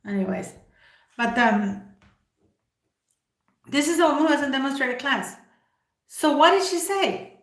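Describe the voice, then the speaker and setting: A woman's voice: high voice, lively intonation, unhurried, pauses often, fairly bright tone. A woman hosting a livestream, giving opinionated commentary straight to her viewers and firing off rhetorical questions. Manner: emphatic, full of rhetorical questions. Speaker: livestream host. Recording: roomy echo.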